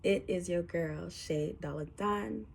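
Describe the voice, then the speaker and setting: Speaking slowly in a creaky, fairly low voice, a female spiritual reader offers her viewers a reassuring, emphatic message, at times lowering to a whisper. A little hiss or hum is audible.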